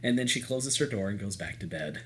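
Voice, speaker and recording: A young man narrating as game master, casual and joking with many halting restarts. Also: on the low side, expressive, a little hiss or hum.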